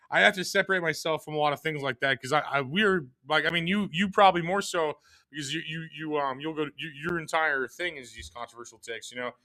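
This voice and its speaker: Male guest, mid pitch, bright and quick, casual rambling talk. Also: no echo. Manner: rambling, many restarts and fillers. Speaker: podcast guest. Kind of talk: casual podcast chat.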